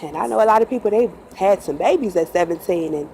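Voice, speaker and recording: A woman bus driver talks through a story from her past in a loose, chatty monologue, often breaking into laughs and acting out what people said. Her voice sits at a middle pitch. A faint noise hums behind her. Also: expressive, fast, dark tone, low-quality recording. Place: in a bus at night.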